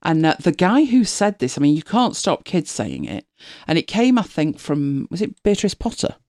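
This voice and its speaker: Chatty woman with lively pitch. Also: moderate pace, no room sound, studio quality. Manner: chatty, laughs often, animated storytelling. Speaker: podcast co-host. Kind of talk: casual chat.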